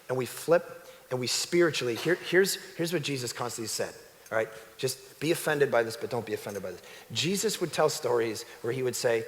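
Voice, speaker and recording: A man preaching a sermon as a pastor, animated, swinging between loud exclamations and hushed emphasis. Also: mid-range voice, normal speed, big-room sound. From Canada. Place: church sanctuary.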